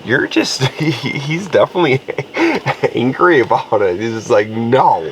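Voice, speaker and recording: Slow, gravelly man camping outdoors. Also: mid-range voice, big pitch swings, background noise. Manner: coaxing a dog in a sing-song voice. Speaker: outdoor vlogger. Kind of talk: casual camping vlog. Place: outdoors in the woods at a campsite.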